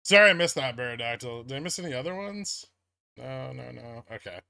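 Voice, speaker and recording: This man hosts a casual livestream on the stock market, reading chat out loud and responding in a rambling, relaxed manner. His mid-range voice moves fairly quickly with some vocal fry, and there's no room sound.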